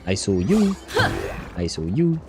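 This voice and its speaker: A man hosting a livestream, casually commenting on a game as he plays, chatty and quick to laugh, with occasional swearing. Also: fairly low pitch, huge pitch swings, over music. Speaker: livestream host playing a game.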